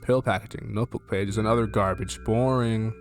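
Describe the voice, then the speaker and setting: A man's voice: fairly low pitch, fairly even intonation, a little fast, a little hiss or hum. Rambling, jokey man streaming a game. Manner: rambling, jokey and profane, easily startled. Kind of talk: casual let's play commentary, reading game text aloud. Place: at home with his dog.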